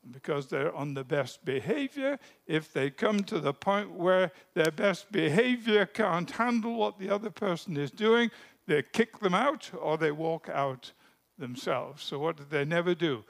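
A man delivers a sermon at an unhurried, measured pace. His voice sits a little high and carries a gravelly edge. He stresses key words, then lets each phrase sink away softly. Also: expressive. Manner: deliberate, emphatic, phrases trailing off softly. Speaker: preacher.

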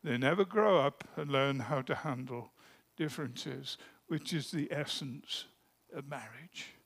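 A man preaching a sermon in a deliberate, emphatic way, letting his phrases trail off softly at the ends. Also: mid-range voice, husky.

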